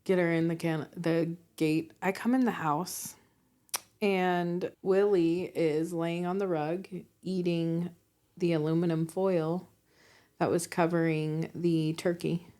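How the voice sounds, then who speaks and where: A woman in her forties co-hosting a podcast, telling animated stories in casual chat, acting out quotes and laughing often. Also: fairly low pitch, slow. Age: 40s. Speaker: podcast co-host.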